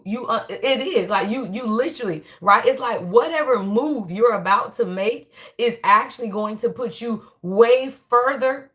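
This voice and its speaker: A woman hosting a casual spiritual reading livestream, talking to viewers in an animated, chatty way with a tired, strained voice. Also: on the high side. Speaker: spiritual reader and channel host.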